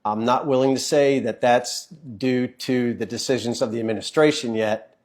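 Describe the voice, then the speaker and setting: Man, business owner; measured, matter-of-fact delivery. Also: mid-range voice, a little mellow. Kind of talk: measured personal account.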